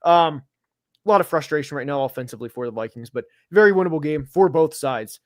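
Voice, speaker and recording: A man hosting a casual football preview stream, talking fast with lots of fillers and getting worked up as he argues his points, seated at a close mic. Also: fairly high pitch, no room sound. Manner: animated, gets worked up, filler-heavy. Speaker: host of a football preview show. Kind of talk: casual sports chat. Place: home studio, seated.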